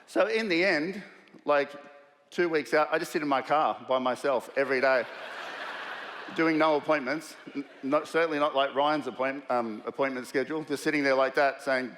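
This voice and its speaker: Australian man giving a lively keynote. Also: mid-range voice, normal speed, some chatter behind, a little hiss or hum. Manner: self-deprecating storyteller, energetic, loose and conversational. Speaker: keynote speaker. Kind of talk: conference keynote with humorous anecdotes. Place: large conference hall. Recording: reverberant hall.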